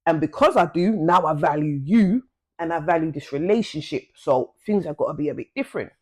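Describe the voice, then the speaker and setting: A woman chats through a personal story for her vlog. She talks loosely and uses plenty of slang. When she plays out bits of conversation, her voice leaps up in pitch. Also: expressive, a little fast. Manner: chatty and slangy, swings pitch to act out quoted talk. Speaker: vlogger. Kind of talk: casual storytelling to camera.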